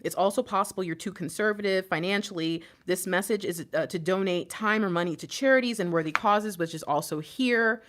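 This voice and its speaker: A woman giving an emotional tarot reading to her viewers, swinging between hushed whispers and loud impassioned pleading, shaking and near tears. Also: mid-range voice, fairly quick, few pauses. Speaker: intuitive tarot reader.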